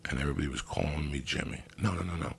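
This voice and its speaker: A middle-aged man telling stories in casual podcast talk, profane and animated. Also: extremely low pitch, racing, creaky, slight background noise. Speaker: guest storyteller.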